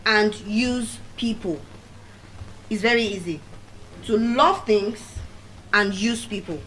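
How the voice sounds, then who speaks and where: A middle-aged woman with a Nigerian accent giving a motivational speech at a public event, telling personal stories with dramatic swings of pitch and loudness. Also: slow pace, long pauses, a little hiss or hum, low-quality recording. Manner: animated storytelling with dramatic swings in pitch and volume. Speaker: public speaker. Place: venue of a public speaking event.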